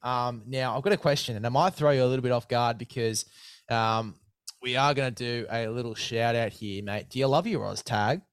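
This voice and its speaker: Male host, matey and upbeat, smooth voice, dry close mic. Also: mid-range voice, normal speed, no echo. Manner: matey, hypes bets and sponsor with filler "mate". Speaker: podcast host. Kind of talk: casual sports chat.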